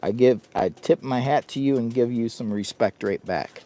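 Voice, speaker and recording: A man's voice: mid-range voice, normal speed, warm tone. A man chatting on a live stream from a heated winter tent, rambling and laughing often at himself. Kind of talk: casual live-stream chat.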